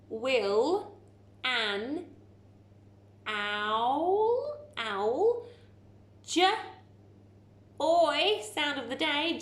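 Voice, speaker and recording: A woman teaching a recorded phonics lesson. She sounds out each word slowly and clearly and gives warm encouragement. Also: fairly high pitch, echoey room.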